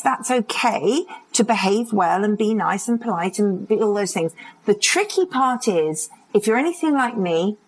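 A woman's voice: on the high side, rough recording. Woman speaker at a live conference. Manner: vivid storytelling, acts out quoted voices. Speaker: addiction expert speaking live. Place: conference hall, live audience.

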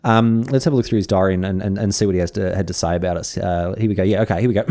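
A man's voice: low-pitched, fast, dark tone. An Australian man hosting a history podcast, telling the story in an irreverent, slang-heavy way and breaking into mock-indignant rants. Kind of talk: comedic history narration.

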